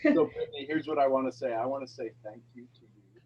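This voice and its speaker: A man's voice: medium pitch, quick pace, darkish tone, highs cut off, slight background noise. A man hosting a morning call, talking in a rambling, emotional and affectionate way. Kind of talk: casual heartfelt chat.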